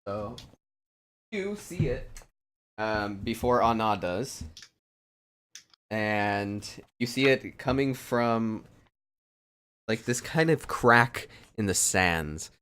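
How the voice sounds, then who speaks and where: A man narrating as dungeon master in a tabletop game, relaxed and hesitant, with many fillers. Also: fairly low pitch, very slow, long pauses, smooth.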